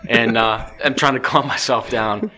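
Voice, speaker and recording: A man, a podcast guest, telling a story in a casual, excitable way with many restarts. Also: mid-range voice, moderate pace.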